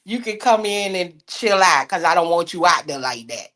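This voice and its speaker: A woman co-hosting a casual reaction chat, animated and laughing along. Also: on the low side, normal speed. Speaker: co-host.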